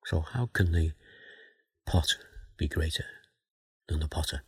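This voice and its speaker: Slow, husky, gravelly-voiced male preacher. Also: very deep voice, no room sound. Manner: measured, questioning, reads scripture aloud. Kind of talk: Bible teaching sermon.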